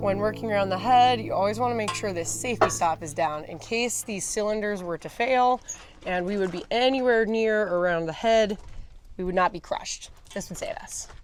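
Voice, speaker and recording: A woman's voice: mid-range voice, moderate pace, faint music behind. A woman, a farmer and vlogger, explaining harvest equipment in an upbeat, amused way, recorded outdoors on a farm. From USA. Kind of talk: casual vlog narration. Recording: outdoor recording with clear machinery noise. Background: vehicle and machinery noise.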